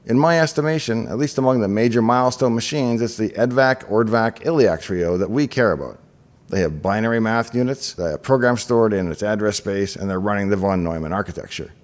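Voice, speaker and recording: A man's voice: lowish voice, a little fast. A man hosting a scripted explainer, telling the story with enthusiasm and chatty asides. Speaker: host.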